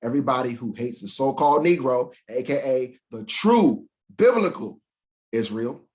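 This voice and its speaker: A man in a middle pitch teaches from scripture in a profane, fiery way. He lingers over each verse, then tears into opponents with cursing and ridicule. His voice leaps high and loud in outrage and sinks to a low murmur. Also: animated. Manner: reads verses slowly, then rants with crude mockery; swings widely in pitch and loudness. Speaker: Bible teacher.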